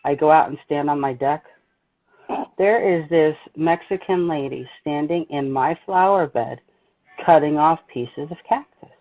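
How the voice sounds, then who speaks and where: Jersey accent lady, blunt animated storyteller, husky voice, sounds like a phone line. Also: low-pitched, unhurried. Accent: New Jersey. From New Jersey. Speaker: psychic medium host. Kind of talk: casual livestream chat.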